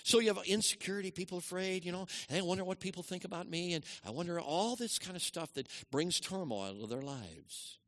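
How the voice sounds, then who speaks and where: A middle-aged man preaching a sermon, swinging between loud emphatic lines and hushed, quieter asides. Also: high voice, fairly quick, few pauses.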